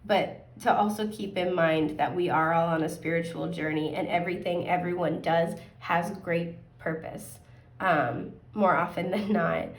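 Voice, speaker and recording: A woman giving a casual tarot card reading, chatty and upbeat, her voice a bit hoarse and often clearing her throat. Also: lowish voice, fairly even intonation, measured pace, roomy sound, distant mic. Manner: chatty, upbeat, rambling with fillers.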